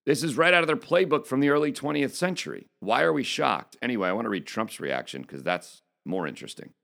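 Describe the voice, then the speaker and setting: Emphatic man with lively pitch. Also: fast talker, gravelly. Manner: emphatic, indignant, reads quotes aloud. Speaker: political commentator. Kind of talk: opinion monologue.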